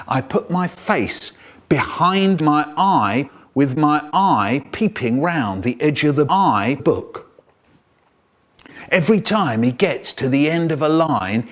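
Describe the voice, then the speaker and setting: Older british guy telling a funny story, pitch bouncing all over, does silly voices. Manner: animated, voices children and mum in high pitch; low droning chant for the brother. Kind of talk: comic storytelling, remixed.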